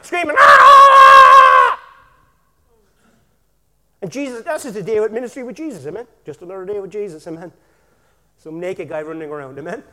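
A man preaching energetically in a church, with bursts of shouting and a constant "amen?". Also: high voice, animated, fast, in a large hall. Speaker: pastor. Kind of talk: sermon.

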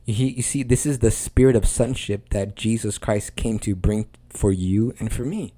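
A man's voice: on the low side, moderate pace, warm tone, no echo. A man hosting a Christian podcast, preaching in a conversational way with earnest emphasis and repeated phrases.

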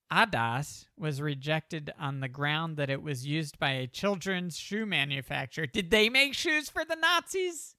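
A man's voice: a little high, bright, forceful tone, no room sound, studio quality. A man hosting a podcast in a playful, casual chat, laughing easily. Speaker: podcast host.

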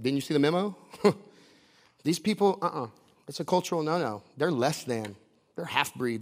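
Male pastor, high voice, jokey conversational sermon, long church reverb. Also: fairly bright tone. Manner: conversational, joking preaching with asides to the congregation.

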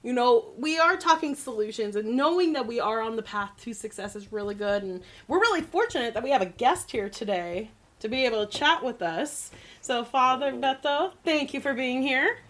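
A woman's voice: on the high side, expressive, moderate pace, fairly bright tone. A woman co-hosting a podcast, telling a long story in a chatty, rambling way and laughing often. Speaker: podcast co-host. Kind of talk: casual chat, storytelling.

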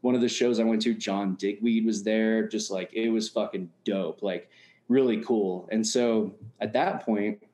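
A man's voice: lowish voice, fairly even intonation, measured pace, warm tone. A man from the United States telling a story in a casual, slangy, profane way, full of fillers like "you know what I mean.". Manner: slangy, profane, laid-back. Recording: roomy echo.

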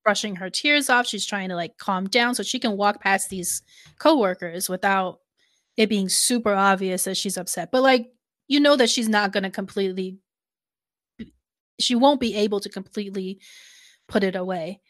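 Woman, chatty, laughs often, lots of fillers, mid pitch, dry room. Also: moderate pace, fairly bright tone, dry recording. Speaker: podcast co-host. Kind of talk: casual recap chat.

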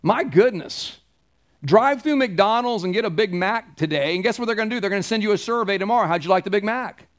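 A man's voice: high-pitched, lively intonation, a little fast. A middle-aged man, preaching a conversational sermon in a church, anecdotal and emphatic. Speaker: pastor.

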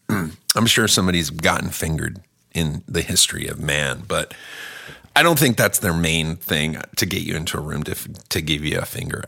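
A man performing a rambling stand-up comedy bit, acting out little voices and swinging from mumbles to shouts. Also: low-pitched, creaky.

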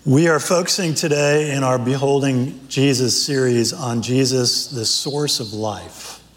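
A man, a pastor, preaching a sermon, praying and then telling a lively story with character voices. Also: a little slow. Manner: animated storyteller, voices characters with raised pitch. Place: church sanctuary. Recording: church hall reverb.

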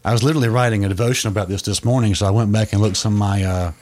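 Male podcast co-host, low voice, a casual storytelling explainer who often restarts his sentences. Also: steady tone, rapid-fire, darkish tone.

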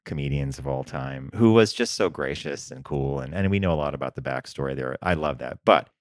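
A man co-hosting a business podcast in casual chat, an animated storyteller who laughs often. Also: very deep voice, a little fast, no room sound, studio quality. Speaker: podcast co-host.

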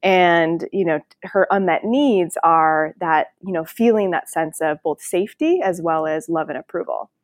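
A woman speaking as a podcast guest in casual storytelling, animated and laughing often as she acts out voices. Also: on the low side, normal speed, few pauses, no echo, studio quality.

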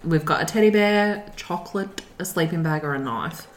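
A woman's voice: deep voice, normal speed, roomy sound. A young woman co-hosting a podcast, chatting casually with many "like" fillers and the odd swear. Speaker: podcast co-host. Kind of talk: casual chat.

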